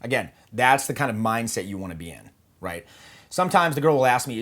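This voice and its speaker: A man's voice: fairly low pitch, quick pace, a bit bright. A man coaching on dating in a casual, joking manner, swearing freely and checking in with "okay" and "right?". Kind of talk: casual instructional talk.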